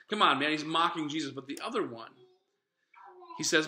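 A man's voice: a little high, a little fast, bright, forceful tone, a little hiss or hum. Earnest conversational male preacher. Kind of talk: sermon. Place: church sanctuary. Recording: echoey church room.

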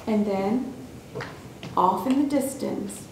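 A woman reading a suspenseful children's story aloud in a church, with expressive storytelling. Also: medium pitch, slow pace, noisy background. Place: church sanctuary. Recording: very echoey hall, distant mic.

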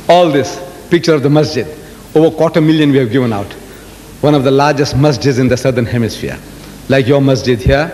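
An older man giving an animated religious lecture, telling stories and asking the audience rhetorical questions. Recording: echoey hall with faint rumble.

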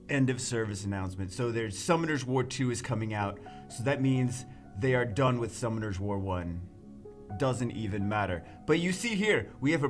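A man hosting a casual gaming vlog, talking animatedly and swinging from mock outrage to laughter. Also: mid-range voice. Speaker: gaming channel host.

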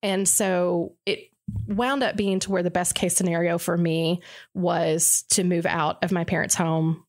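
A woman's voice: lowish voice, steady tone, unhurried. Earnest woman telling her life story. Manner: earnest, reflective storyteller with frequent fillers. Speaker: radio morning show co-host as interview guest. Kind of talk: candid personal interview.

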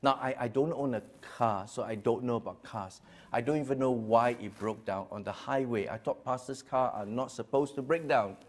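Pastor telling a story. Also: male voice, mid-range voice, normal speed. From Singapore. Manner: storytelling, swings from hushed to lively and loud, repeats words. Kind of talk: personal testimony talk.

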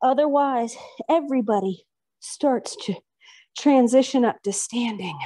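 A woman's voice: a little high, unhurried, mellow. A woman teaching a yoga class, giving chatty, encouraging cues between breaths while moving in and out of poses, her voice drifting off-mic at times. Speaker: yoga instructor. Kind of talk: guiding a live yoga class.

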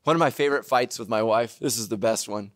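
A middle-aged man preaching a sermon, self-mocking and animated, now and then bursting into shouts. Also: mid-range voice, fast talker, dry recording, clean studio sound. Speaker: pastor.

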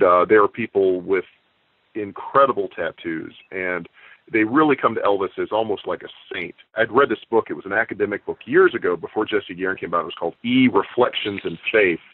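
Male author guest, storyteller type, lowish voice, phone-line sound. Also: dry recording. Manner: expansive anecdotal storyteller. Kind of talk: casual interview chat. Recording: tinny phone-line audio, dry.

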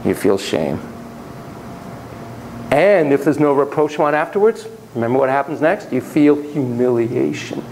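A man lecturing a class with a theatrical, animated delivery. He swings from hushed remarks to loud exclamations and keeps asking the students questions. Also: mid-range voice, moderate pace, gravelly, a little hiss or hum, poor audio.

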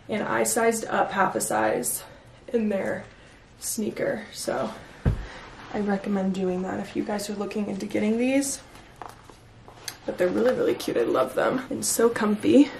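A chatty young woman talks to her camera at home, excitable and full of fillers. Her voice has a gravelly, fried edge. The room rings with echo, with a faint hiss behind. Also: medium pitch. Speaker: vlogger. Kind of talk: casual vlog chat.

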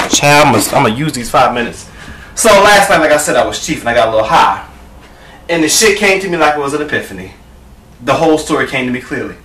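A man's voice: fairly high pitch, bright, forceful tone, a little hiss or hum. A man telling a profane comic story in a sassy, camp manner, often calling the listener "girl". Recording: echoey room, distant mic.

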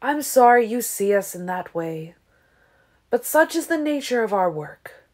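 A woman reading an audiobook, voicing an ancient male vampire leader who speaks in a tolerant, silky, falsely gentle way. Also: on the high side, sing-song, measured pace, voice pushed up. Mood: smooth, condescending.

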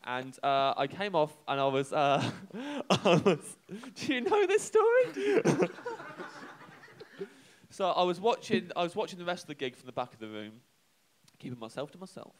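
A young man telling a comic anecdote on a live show, halting and self-deprecating, chuckling between lines. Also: fairly high pitch, animated. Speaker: comedian telling a story.

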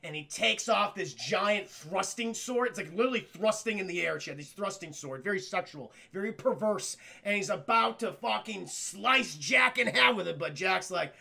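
Man, cartoon reviewer, lively pitch, bright voice, profane, rambling to chat. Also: normal speed, vocal fry, few pauses. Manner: acts out scenes in voices. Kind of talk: casual live-stream review.

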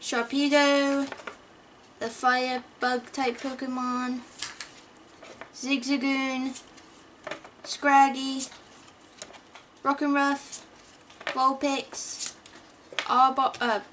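A woman's voice: sits high, level tone, extremely slow, long pauses, fairly bright tone, a little hiss or hum. A woman casually talking through card packs as she opens them, chatty and stumbling over names, gasping at good pulls. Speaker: YouTuber opening trading card packs. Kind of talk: casual card-opening commentary.

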